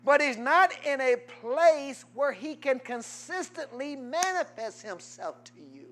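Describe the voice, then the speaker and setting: A man pastor preaching a sermon, quizzing his congregation in call-and-response and swinging from loud exhortation to low asides. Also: animated, a little slow.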